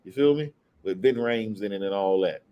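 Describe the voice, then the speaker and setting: A man's voice: fairly low pitch, warm tone. Man casually teaching scripture. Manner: conversational, reads verses slowly and deliberately. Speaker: Bible teacher. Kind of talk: casual scripture study talk.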